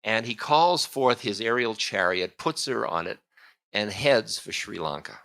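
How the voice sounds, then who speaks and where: Man, spiritual teacher, casual storytelling lecture, chuckling, lowish voice. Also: expressive, a little slow, gravelly, a bit bright. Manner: humorous, casual, chuckling often.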